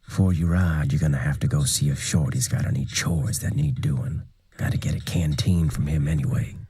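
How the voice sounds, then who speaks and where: An actor playing a laconic cowboy ranch hand in a game, with a Texan accent and a low, murmuring drawl. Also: male voice, normal speed, warm tone, a little hiss or hum. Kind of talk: game character dialogue.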